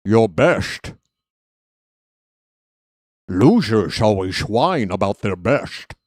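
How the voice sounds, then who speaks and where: A man putting on an impression of a gruff, suave older Scottish film star, with a smug, taunting delivery. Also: fairly low pitch, very animated, extremely slow, darkish tone, no room sound, studio quality, voice pushed down, heavily acted. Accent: Scottish, put on. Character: gruff suave older Scottish male movie tough guy.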